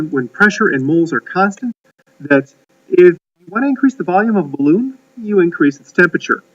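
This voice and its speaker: A middle-aged man teaches chemistry in a folksy, rambling way, with plenty of "uh"s and restarted words. His voice sits fairly high for a man. It comes through a dull, lo-fi recording from a mic placed some distance away. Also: a bit bright. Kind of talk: recorded classroom lecture.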